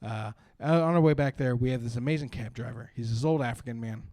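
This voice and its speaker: A young man from Canada doing profane, animated stand-up storytelling on a live stream, jumping into shouted punchlines. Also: mid-range voice, fast, dry recording, clean studio sound. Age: young adult. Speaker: stand-up comedian.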